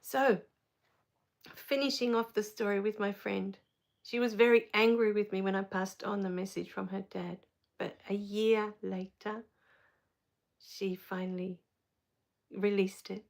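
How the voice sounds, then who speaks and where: A woman hosting a spiritual live Q&A, reading viewer comments, soft-spoken and tender, quick to laugh and tear up. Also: mid-range voice, fairly even intonation, vocal fry. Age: adult with a child. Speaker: spiritual live-stream host.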